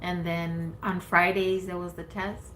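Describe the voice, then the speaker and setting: Low-voiced woman co-host chatting casually. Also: little pitch movement, a little slow, a bit bright, slight background noise, rough recording. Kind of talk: casual chat, reading viewer names.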